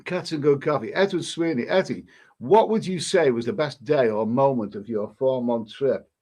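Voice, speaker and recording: A man, a travel vlogger, casually reading viewer comments aloud and answering them in a halting way with many restarts. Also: medium pitch, a little mellow. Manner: halting, frequent restarts, reads comments aloud then replies. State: coughing now and then. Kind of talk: casual live-stream chat.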